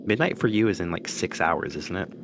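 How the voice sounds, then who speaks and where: A man's voice: sits low, animated, brisk, noisy background. A young man hosting a game stream, chatting casually in a rambling, playful way. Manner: rambling, playful, mumbly aside. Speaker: host. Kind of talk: casual gameplay chat.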